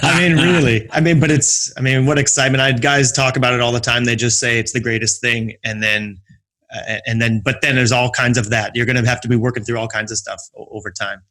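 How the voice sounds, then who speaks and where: A man's voice: mid-range voice, level tone, brisk, pushed and bright. A man hosting a podcast interview, thinking aloud through long questions with frequent restarts. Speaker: podcast host. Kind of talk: conversational interview.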